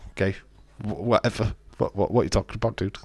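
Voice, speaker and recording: A man's voice: lowish voice, fairly even intonation, quick pace, slightly rough, no echo. A man hosts a live watch-along stream, commenting casually and bantering with viewers as he reads the chat aloud. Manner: bantering and teasing with viewers, frequent restarts.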